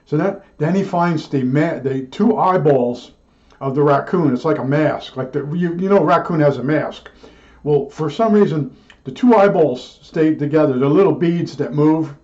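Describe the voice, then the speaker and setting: A man's voice: on the high side, moderate pace, darkish tone, dull audio. An older man telling a rambling personal anecdote, chatty and digressive, with many restarts and asides. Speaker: storyteller recalling old work days.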